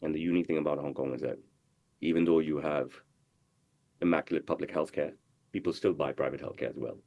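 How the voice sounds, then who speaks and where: A man's voice: very deep voice, steady tone, fast talker, no echo, lo-fi sound. Brash, swearing middle-aged man. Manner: brash, profane, emphatic, repeats "bro" and "you know what I mean". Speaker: guest, tailor. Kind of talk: casual interview talk.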